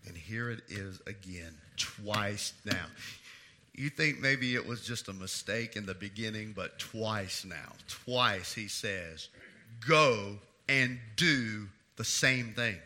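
Male pastor preaching slow and deliberate, bright sharp tone, goes loud then drops to a hush. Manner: emphatic preaching that swings between loud declarations and hushed low asides. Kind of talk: sermon.

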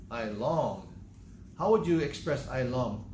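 Animated preacher man in an echoey room. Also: medium pitch, slow pace, a little hiss or hum. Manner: animated, asks the congregation questions. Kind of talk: Bible teaching sermon. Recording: echoey room, faint ambience.

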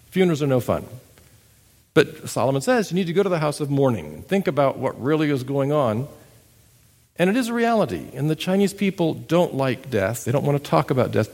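A man preaching a sermon, emphatic and animated, telling stories and demonstrating. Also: on the high side, in a large hall. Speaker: missionary preacher. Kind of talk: sermon with storytelling.

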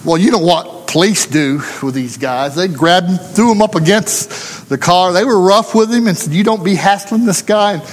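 A man's voice: high voice, normal speed, long reverb tail. A man preaching a sermon, telling a folksy story and acting out the voices of the people in it. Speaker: pastor.

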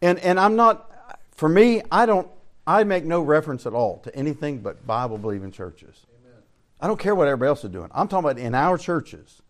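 An older man teaching a Bible study as pastor, preaching in a folksy storytelling way that swings between loud emphasis and quiet asides. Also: a little high, sing-song, a little fast.

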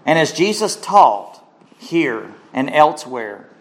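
A man's voice: a little high, very animated, slow. A man preaching a Bible sermon, pressing his points with rising emphasis and rhetorical questions to the congregation. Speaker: pastor.

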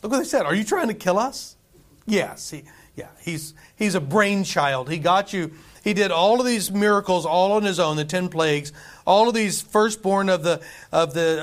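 A man's voice: high voice, a bit bright. A man preaching a conversational sermon, repeating phrases for emphasis. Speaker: pastor.

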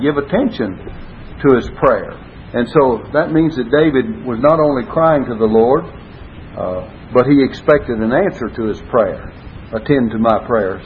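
A man preaching a Bible study sermon, earnestly stressing key words and quoting scripture in old-style wording. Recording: phone-like lo-fi recording with faint rumble.

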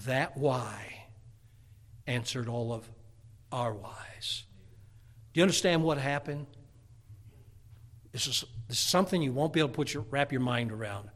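A man preaching a sermon, reading scripture verses aloud and swinging from loud, emphatic passages to hushed, almost whispered ones. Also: medium pitch, unhurried, pauses often.

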